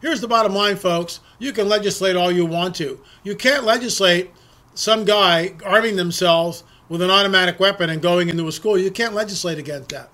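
A man's voice: high voice, normal speed, pushed and bright. A middle-aged man delivering an indignant political opinion monologue, ranting and firing off rhetorical questions. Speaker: political commentator.

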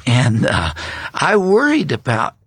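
An older man telling a personal faith story as a talk show guest, unhurried and reflective, pausing on fillers. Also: medium pitch, huge pitch swings, noisy background.

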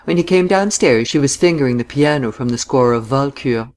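A man reading a literary novel aloud in measured, scripted narration. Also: medium pitch, expressive. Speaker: audiobook reader.

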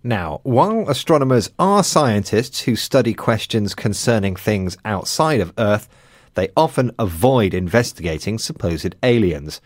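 A man hosting a scripted educational radio programme, speaking in a clear, measured, teacherly way. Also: fairly low pitch, big pitch swings, dry recording. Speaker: host. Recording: dry studio sound.

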